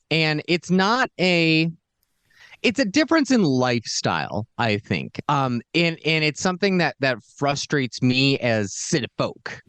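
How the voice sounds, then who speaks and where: Man cohost, rambling storyteller, lively swooping pitch, dry close sound. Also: dry recording. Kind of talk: casual chat.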